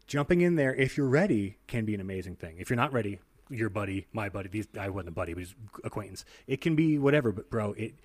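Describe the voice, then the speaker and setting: Brief: young adult male, rapid animated storyteller, goes quiet and low for the heavy parts, casual podcast chat. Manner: animated storyteller, drops low and hushed at intense moments.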